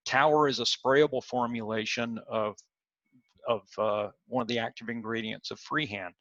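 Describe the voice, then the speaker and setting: A man's voice: medium pitch, creaky, a bit bright, dry recording, dull audio. A man teaching a training lecture in an explanatory way, putting questions to his listeners and stumbling now and then over product names. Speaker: extension weed scientist lecturing.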